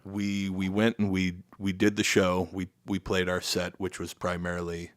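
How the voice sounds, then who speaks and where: This deep-voiced, middle-aged man with an American accent talks at a moderate pace over a dry recording. As a podcast guest, he casually recounts band stories, acting out quotes with abrupt loud jumps like an animated storyteller.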